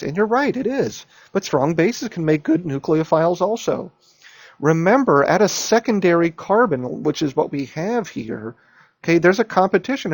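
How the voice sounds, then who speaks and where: A man's voice: fairly high pitch, a little mellow, no room sound. A man teaching chemistry, going over an exam and driving points home by repeating them and checking in with "okay?" and "right?". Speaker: chemistry instructor. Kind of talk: lecture reviewing an exam.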